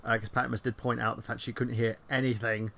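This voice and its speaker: A man co-hosting a casual online chat show, rambling excitedly and swearing freely. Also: medium pitch, fairly quick, vocal fry. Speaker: podcast co-host.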